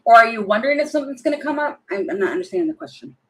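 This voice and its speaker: A woman's voice: on the high side, very animated, very fast, rough recording. A woman giving tarot readings on a live stream, chatty and apologetic, thinking aloud as she goes. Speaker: tarot reader.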